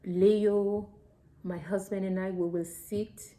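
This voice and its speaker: Slow, mellow-voiced mother sharing heartfelt story. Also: medium pitch, flat delivery, poor audio. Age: adult parent of young children. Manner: earnest and emotional, speaks in simple, loosely structured English. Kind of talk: heartfelt personal vlog to viewers.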